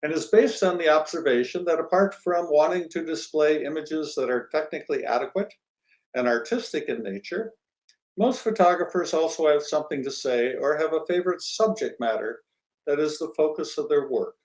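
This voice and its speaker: A man hosting an interview show, who speaks in a friendly, unhurried way with hesitant fillers. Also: a little high, rough recording. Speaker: host.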